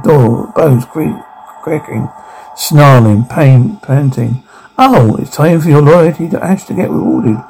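A man reading a horror show's captions aloud, sound cues included, in an even, uninflected way with brief stumbles. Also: mid-range voice, vocal fry, a little hiss or hum, low-quality recording.

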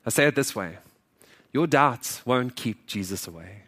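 A male pastor delivering a sermon in a conversational, animated manner. He shifts into character voices to act out the people in his story and jokes with the congregation. His voice sits at a middling pitch for a man. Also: measured pace. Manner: animated, acts out quoted dialogue.

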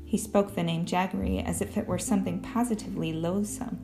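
A woman reading a story aloud as narrator in first person, with clear storytelling. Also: fairly low pitch, steady tone, brisk, over music. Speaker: audiobook narrator. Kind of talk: scripted narration.

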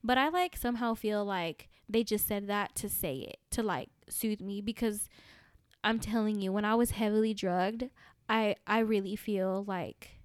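A woman's voice: medium pitch, normal speed, clear, resonant tone, no echo, clean studio sound. A young woman, a podcast guest, telling a personal story with emotion and lots of fillers. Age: young adult. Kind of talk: casual chat.

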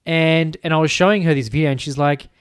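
A young adult man with an Australian accent, co-hosting a podcast in rambling, animated casual chat full of fillers. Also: fairly high pitch, fast talker, clean tone, dry recording, studio quality. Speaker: podcast co-host.

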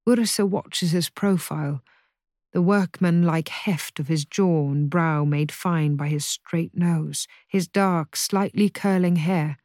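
A woman narrating a historical novel as an audiobook in a measured, even reading voice. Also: fairly low pitch, dry recording, clean studio sound. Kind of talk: scripted narration.

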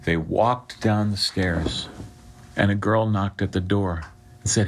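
Low-voiced man preaching casually to a small group. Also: steady tone, slow pace, slight background noise. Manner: conversational preaching with restarts and frequent "okay?" checks. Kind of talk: sermon.

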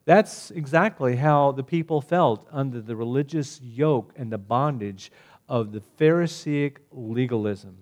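A man preaching a sermon, swinging between loud emphatic declarations and hushed, gentle appeals. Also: mid-range voice, a little slow.

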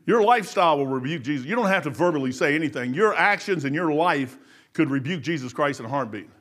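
A man preaching a folksy, animated sermon, acting out voices and laughing as he goes. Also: a little high, fast. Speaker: lay preacher.

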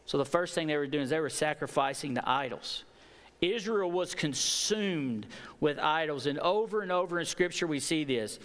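Guy preaching a sermon, kinda high voice, goes hushed then builds up loud, big echoey hall. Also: animated, moderate pace. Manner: swings between hushed storytelling and rising, emphatic preaching. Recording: reverberant hall.

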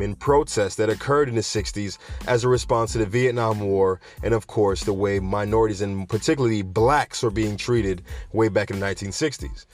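A man hosting a news show, talking in an animated, slangy, digressive way and addressing viewers directly. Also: on the low side. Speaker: host of a cannabis news show. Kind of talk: casual news commentary with rants.

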